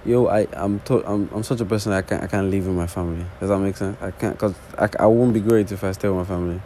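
A man's voice: low-pitched, fairly even intonation, quick pace, warm tone, a little hiss or hum, poor audio. A man in his early twenties with an accent, rambling casually and swearing in an unscripted solo talk while sitting on the floor. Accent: non-native English accent. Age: early 20s. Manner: rambling, casual, swears often, repeats false starts. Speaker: podcast host.

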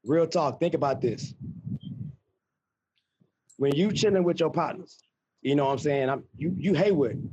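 A man's voice: a little high, normal speed, long pauses, a little mellow, slightly rough. A man hosting a podcast, talking emphatically and with plenty of profanity in casual chat. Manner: emphatic, profane, argues his point. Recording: muffled lo-fi recording.

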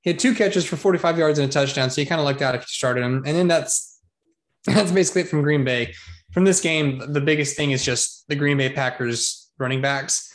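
A man co-hosting a casual football podcast, jokey and excitable, full of slang. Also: on the high side, fairly quick. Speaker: podcast co-host. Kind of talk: casual sports chat.

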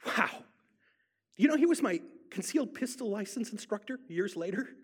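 Male preacher, high-pitched and animated, emphatic storytelling sermon. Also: moderate pace, breathy edge. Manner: emphatic storyteller, repeats for effect. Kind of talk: sermon with personal testimony.

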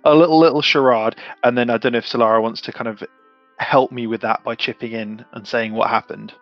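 A man's voice: medium pitch, fairly even intonation, fairly quick, no room sound, lo-fi sound, soft background music. A man playing a tabletop game, talking casually and often repeating words as he stammers. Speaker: player.

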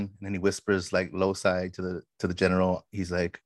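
A man co-hosting a podcast, casually retelling film scenes with lively quoted lines and frequent "bro". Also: deep voice, moderate pace, no room sound, clean studio sound. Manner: animated storyteller, says "bro" often. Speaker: podcast co-host.

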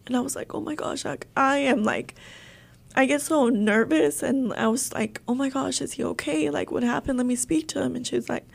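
A young woman telling a painful personal story in an interview, halting and emotional, with many fillers and restarts. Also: high voice, steady tone, creaky.

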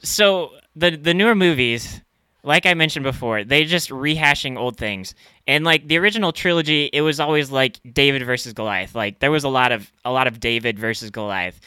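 Young guy on a comedy podcast, bright smooth voice, easygoing, dry mic. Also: mid-range voice, brisk, no room sound. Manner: easygoing, laughs often. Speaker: podcast co-host. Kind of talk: casual comedy podcast chat.

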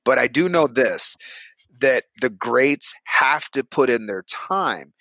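A man's voice: medium pitch, slow pace, gravelly, dry recording, studio quality. A middle-aged man, a podcast co-host telling stories in casual banter, swearing freely and acting out the lines he quotes. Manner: animated storyteller, swears freely, acts out quotes.

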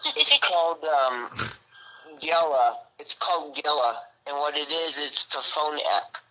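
A man's voice: a little high, animated, unhurried, sharp tone, low-quality recording. A man hosting a radio show, chatting casually and joking around. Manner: joking, rambling. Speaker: radio host. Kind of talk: casual on-air banter.

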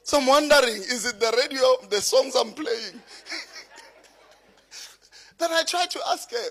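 A South African man preaching with a notably high voice for a man. He is middle-aged and tells stories from the pulpit with an easy, laughing delivery. His sermon moves between teaching and personal anecdotes. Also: measured pace, long pauses. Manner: lively storytelling, laughing through anecdotes.

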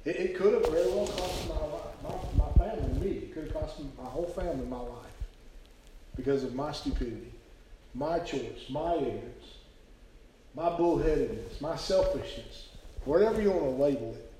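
Preacher echoing in a big hall. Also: male voice, a little high, expressive, normal speed, warm tone, a little hiss or hum. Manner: earnest storytelling, frequent stammered repeats. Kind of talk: sermon. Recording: very echoey hall, speaker far from mic.

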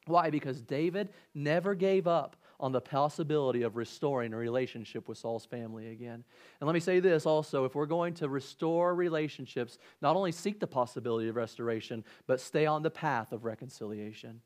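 A male pastor delivering a sermon and altar call, rising to loud, high preaching peaks, then dropping to a soft, gentle invitation. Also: a little fast. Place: church auditorium.

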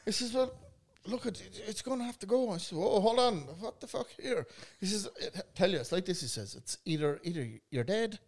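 Man, Irish accent, high animated voice, swearing storyteller, podcast banter. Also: a little fast, hardly any pauses. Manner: swearing storyteller, laughs through his own tale. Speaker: podcast co-host. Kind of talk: casual pub-style banter.

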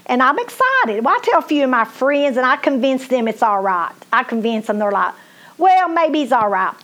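A woman's voice: sits high, big pitch swings, moderate pace, fairly bright tone. A middle-aged woman minister, preaching a folksy testimony sermon, emphatic and speaking straight to her listeners.

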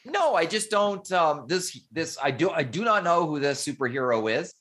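A man in a relaxed chat, his pitch rising and falling a lot as he talks. He hesitates often and fills gaps with ums. He laughs easily. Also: moderate pace. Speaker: podcast co-host. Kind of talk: casual chat.

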